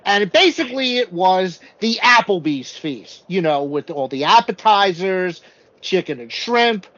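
A podcast co-host recaps a TV episode in casual conversation, speaking a little slowly in a voice that sits high. The sound is lo-fi with no echo, and he tells it animatedly, acting out the quotes.

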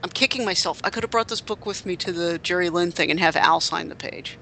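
A man's voice: sits high, fast, gravelly, bright, forceful tone, slight background noise. A man co-hosting a casual podcast, telling stories in a rambling way with frequent restarts and fillers. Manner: rambling, self-correcting storyteller. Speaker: podcast co-host. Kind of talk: casual chat.

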